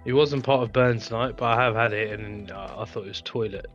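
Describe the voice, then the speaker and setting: A man's voice: lowish voice, steady tone, fairly quick, a bit bright, muffled recording, faint music behind. A man with an English accent, co-hosting a podcast in laid-back, sheepish casual chat. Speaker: podcast co-host.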